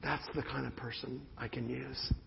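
A man preaching a sermon in an animated style, often asking his listeners "right?" as he goes. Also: medium pitch, normal speed, creaky, slight background noise. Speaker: pastor. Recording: muffled sound in a reverberant hall.

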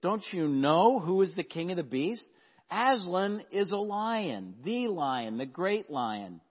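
A man's voice: high voice, sing-song, slow, husky, full character voice. A man reading aloud as a stern male talking beaver from a storybook, in an insistent tone. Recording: dull sound with long hall reverb.

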